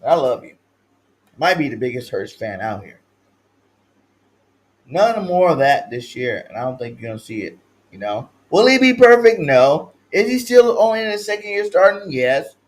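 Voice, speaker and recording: A man from California hosting a livestream sports talk show, slangy and hyped, swinging between loud shouted chants and low mumbled asides. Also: very animated, normal speed, low-quality recording. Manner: slangy, repeats catchphrases.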